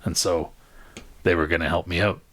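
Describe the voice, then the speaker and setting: A man's voice: sits low, fairly even intonation, moderate pace, fairly bright tone. A man voicing a cocky, menacing adult man in a tabletop game, boasting and threatening over a meal. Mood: smug.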